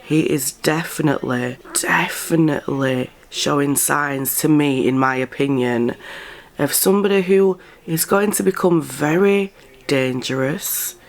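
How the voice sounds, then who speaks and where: A woman's voice: low voice, a little slow, gravelly. A woman giving blunt, incredulous gossip commentary and swearing freely. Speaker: commentary vlogger.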